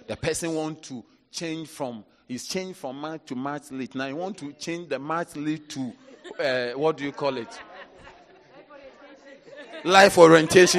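A man, a bishop preaching a sermon, who swings from low, quiet asides up to laughing shouts. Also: normal speed, some chatter behind. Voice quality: animated, rising to shouts and laughter. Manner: preaching with call-outs and acted quotes. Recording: long reverb in a large hall.

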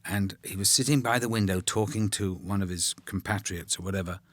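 Deep-voiced man, rambling anecdotes. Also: a little fast, no echo. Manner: rambling, warm anecdotes, frequent ums, drops to whispers. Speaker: actor on a film commentary. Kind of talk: relaxed commentary chat.

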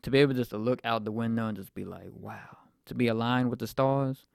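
Young male podcast host, mid-twenties, gravelly, dry close sound, rambling faith testimony. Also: mid-range voice, fast, no room sound. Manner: reflective, rambling with fillers.

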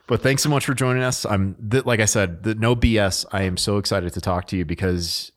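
Male host, very low voice, easygoing and friendly, rambles through questions. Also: fairly quick. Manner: rambling, restarts phrases, friendly. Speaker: podcast host. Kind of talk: casual interview chat.

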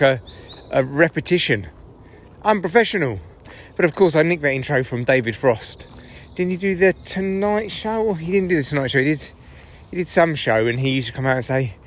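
A man's voice: a little high, slight background noise. A man, a comedian, rambling through a casual solo podcast while walking his dogs in the woods. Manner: chatty, rambling, swears freely.

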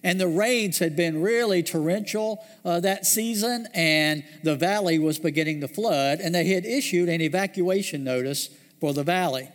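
A man preaching a sermon, telling a story and slowing down, dropping low to stress key words. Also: big-room sound. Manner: storytelling, slows and drops low for emphasis. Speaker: pastor.

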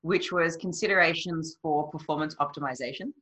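A woman with a bright, edgy voice hosts a casual podcast. She talks in a frank, upbeat way and steers the conversation. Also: deep voice, a little fast. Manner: upbeat, blunt, laughs easily. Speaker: podcast host.

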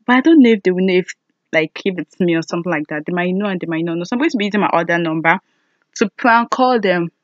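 A young woman, chatting casually to camera as a vlogger, excitable and giggly with loud exclamations. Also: fairly low pitch, fast, no echo, muffled recording.

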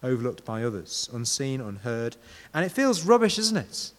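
A man's voice: medium pitch, sing-song, moderate pace. A man preaching a sermon, speaking conversationally and turning to his listeners with frequent rhetorical questions. His voice carries a long hall reverb, as if recorded in a large church.

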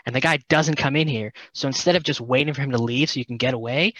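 A man co-hosting a casual movie review podcast, animated and acting out reactions. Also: medium pitch, fast, few pauses, dry recording. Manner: animated, acts out reactions with rising voice. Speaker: podcast co-host. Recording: dull, dry podcast mic.

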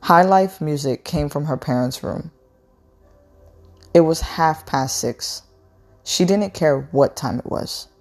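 A woman reading a novel aloud in a measured, unhurried way, with an occasional stumble over a word. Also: low voice, a little mellow, soft background music.

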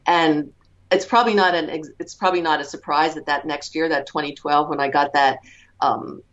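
A woman in her fifties with a low voice, speaking as an interview guest. She talks reflectively, often pausing with fillers and restarting her sentences. The recording sounds dull and lo-fi. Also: fairly even intonation, a bit bright. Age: 50s. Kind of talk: conversational interview.

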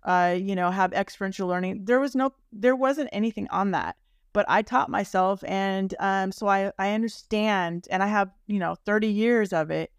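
Middle-aged woman teacher guest, smooth clear voice, calm and thoughtful. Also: mid-range voice, normal speed, dry recording, clean studio sound. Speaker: guest educator. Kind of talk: interview answers.

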